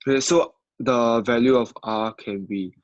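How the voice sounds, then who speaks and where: A man's voice: mid-range voice, fairly even intonation, unhurried, highs cut off. A man studying math, asking hesitant, stumbling questions during a tutoring session. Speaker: student.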